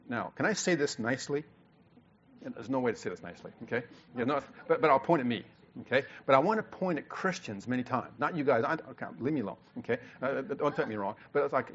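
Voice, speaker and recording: An older man from Illinois preaching a sermon, telling a story in low asides, then rising to loud exhortation, with frequent repeated words. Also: expressive, fairly quick. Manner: repeats words and restarts often. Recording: dull lo-fi recording.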